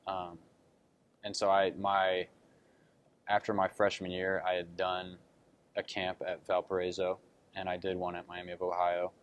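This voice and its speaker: A man's voice: sits low, completely flat delivery, unhurried, pauses often, smooth. A young man answering interview questions about being recruited, telling his story earnestly with lots of fillers and retold quotes. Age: young adult. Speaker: college basketball recruit.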